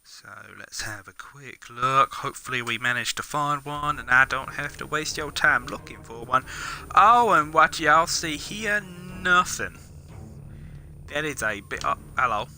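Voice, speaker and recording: A man's voice: mid-range voice, normal speed, hardly any pauses, sharp tone. A man reviewing a video game as he plays, chatting casually, muttering asides under his breath and throwing in playful exclamations. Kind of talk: casual gameplay commentary. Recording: noticeable background noise.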